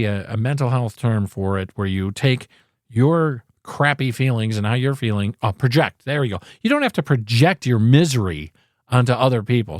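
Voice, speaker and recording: A man's voice: mid-range voice, darkish tone, dry recording, clean studio sound. A man hosting a casual solo podcast, speaking emphatically and in a preachy way into a podcast microphone. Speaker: podcast host.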